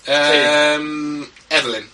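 A man narrates a tabletop horror game as game master, loose and casual with lots of fillers. His voice is very bright and a little high. He sits some way from the mic, with a faint hiss behind him. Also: fairly even intonation, extremely slow, distant mic, low-quality recording.

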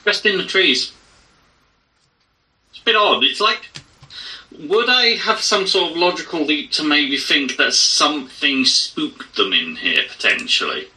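A man's voice: fairly high pitch, animated, unhurried, sharp tone, distant mic, rough recording. A man playing a tabletop horror game, playful and often in character. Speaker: player.

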